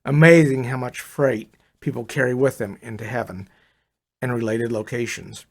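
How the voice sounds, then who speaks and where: A man's voice: medium pitch, steady tone, normal speed. An older man reading his own first-person story aloud in a confiding tone, speaking straight to the listener as "brother".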